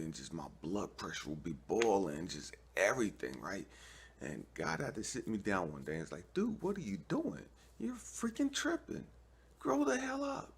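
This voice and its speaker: Low gravelly man preaching, animated. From California. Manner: animated storytelling, acts out both sides of a talk; streetwise slang, keeps asking "you know what I mean". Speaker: online preacher. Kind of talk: casual preaching to camera.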